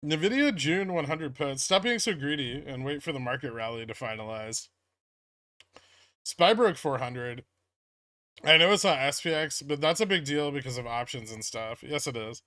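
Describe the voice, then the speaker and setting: Bright-voiced man hosting a casual stream. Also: mid-range voice, moderate pace, no room sound. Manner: reads chat messages aloud, then answers in a relaxed, rambling way. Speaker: livestream host reading chat. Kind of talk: casual stock-market livestream chat.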